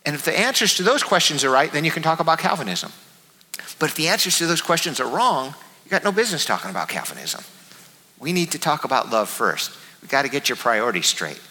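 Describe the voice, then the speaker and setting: Man, pastor, sermon, fairly high voice, emphatic, repeats key words, long hall reverb. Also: very animated, fast talker, sharp tone.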